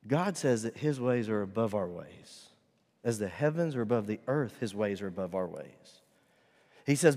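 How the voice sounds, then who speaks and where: A middle-aged man preaching a sermon as pastor, earnest and at times loud and emphatic. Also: on the low side, lively intonation, moderate pace. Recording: long hall reverb.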